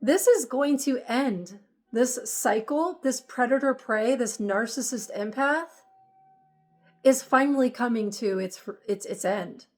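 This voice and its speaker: A woman's voice: fairly high pitch, slow pace, a little mellow. A woman giving an emphatic, repetitive spiritual monologue as host of her channel.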